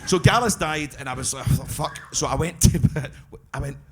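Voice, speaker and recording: A man's voice: fairly high pitch, expressive, moderate pace, a bit bright. A Scottish man from Glasgow tells stories at a live podcast show. He swears freely, laughs through his own stories and keeps stumbling into fresh starts. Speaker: guest storyteller.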